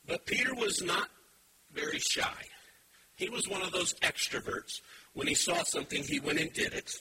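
A man preaching a sermon to a live congregation, animated and emphatic, cracking playful puns. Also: very high voice, normal speed, gravelly, recorded from a distance, heavy background noise. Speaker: pastor.

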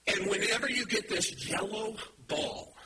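A preacher man with a fairly high voice delivers a sermon from a church stage. He talks in a relaxed, storytelling way, then climbs into loud, emphatic urging. The recording carries clear background noise. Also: measured pace. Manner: animated, builds to emphatic exhortation. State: has a headache.

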